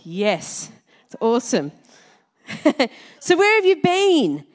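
A middle-aged Australian woman speaks to her congregation in a fairly high voice. She is chatty and playful, throwing questions at the room and laughing between stories. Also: huge pitch swings, slow. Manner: chatty, laughing, quizzing the audience. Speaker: Salvation Army minister. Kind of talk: church talk to a congregation.

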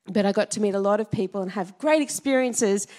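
A woman's voice: mid-range voice, brisk, a little mellow. A middle-aged Australian woman minister giving a chatty church talk, quizzing the congregation and laughing often. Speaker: Salvation Army minister.

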